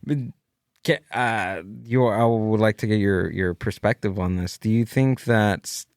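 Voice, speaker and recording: A man's voice: lowish voice, fairly even intonation, unhurried, smooth, no room sound, studio quality. A man in his mid thirties hosting a podcast, talking casually and circling back on his own thoughts. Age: 30s. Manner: rambling, self-questioning, restarts. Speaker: podcast host. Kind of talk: casual chat.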